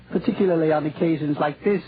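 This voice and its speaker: An actor playing a sly, menacing villain who drugs his guest, in 1940s radio acting with a smooth, mocking, chuckling manner, on a tinny old radio transcription. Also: a little high, brisk, natural voice. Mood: gloating.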